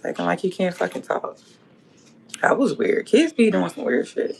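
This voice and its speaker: A home cook and food vlogger chats with her livestream while cooking, blunt, profane, scolding and rambling. Her voice is on the low side, gravelly and darkish, very animated at a normal speed. The low-quality recording carries a little hiss or hum.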